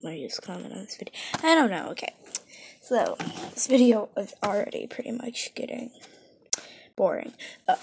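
A woman's voice: medium pitch, animated, normal speed, gravelly, pauses often, darkish tone, slight background noise. A woman chatting casually from her bedroom as she shows off her toy collection, bubbly and rambling, with whispered asides. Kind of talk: casual chat.

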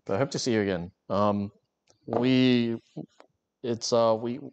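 A man's voice: medium pitch, fairly even intonation, a little slow, dull audio, noisy background. A man chatting casually and joking with viewers while working on a craft during a live stream. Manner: rambling, joking, talks to chat while working.

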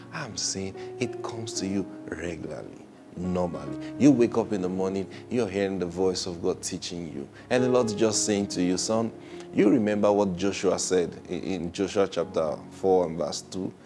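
A man with a Nigerian English accent preaching a sermon, animated and laughing, swinging from loud exclamations down to hushed asides. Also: low voice, creaky. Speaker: pastor.

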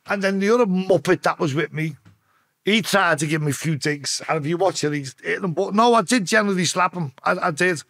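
Husky Scouse man, swearing freely. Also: fairly high pitch, fairly quick, sharp tone, dry recording. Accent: Liverpool (Scouse). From Liverpool, England. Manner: blunt, heavy swearing, restarts mid-sentence. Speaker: podcast guest. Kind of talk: casual storytelling.

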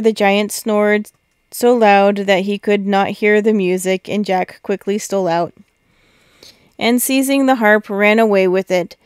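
A woman narrating a fairy tale in a steady, expressive storybook reading. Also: medium pitch, clear, resonant tone, dry recording, clean studio sound. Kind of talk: storybook read-aloud.

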